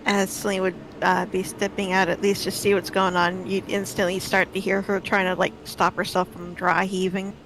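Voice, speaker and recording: A woman plays in a tabletop game and casually narrates what her character does. Her voice sits at a middle pitch, with an even, flat tone. Faint noise is heard behind her. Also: moderate pace, hardly any pauses, low-quality recording. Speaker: player.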